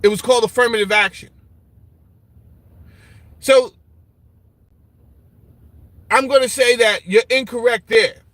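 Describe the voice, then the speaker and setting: This man's voice is extremely high, and he talks unhurriedly with long pauses in a dry recording. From Brooklyn, he mocks and riffs on viewer comments in animated, casual opinion talk, repeating himself and asking "you understand?" again and again.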